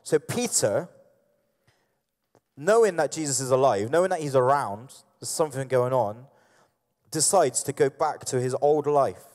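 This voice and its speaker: A man's voice: medium pitch, lively intonation, unhurried, pauses often, a little mellow. A man preaching a sermon in a church hall, in a conversational way, with many fillers and restarts, acting out the scenes he describes. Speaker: pastor. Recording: echoey hall reverb.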